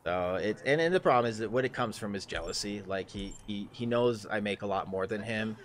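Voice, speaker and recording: A man's voice: lowish voice, a little fast. A young man streaming a game, telling rambling, profane stories in casual chat with frequent restarts. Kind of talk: casual chat while gaming live.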